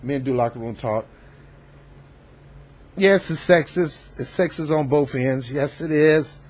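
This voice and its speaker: A man hosting a political commentary vlog, talking in an emphatic, animated and preachy way. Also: on the high side, a little slow. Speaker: host.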